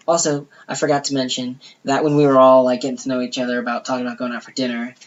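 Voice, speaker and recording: A woman with a strikingly deep voice tells a long story on a casual podcast, leaning hard on "you know" and "like" and swearing freely. The audio is dull and lo-fi. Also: flat delivery, fast, hardly any pauses. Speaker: podcast co-host.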